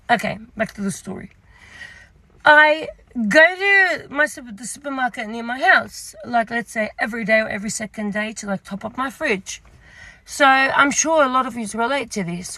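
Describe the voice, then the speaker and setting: Young woman, Australian accent, chatty rambling storytime, gravelly fry, bright tone. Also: fairly high pitch, dry recording. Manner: chatty, rambling, full of fillers. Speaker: vlogger. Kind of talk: storytime rant.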